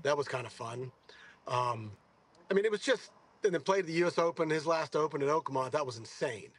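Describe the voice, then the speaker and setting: A golfer in his sixties speaks a little fast in a fairly high voice with a breathy edge. During a casual interview he tells animated, rambling stories, catching and correcting himself as he talks.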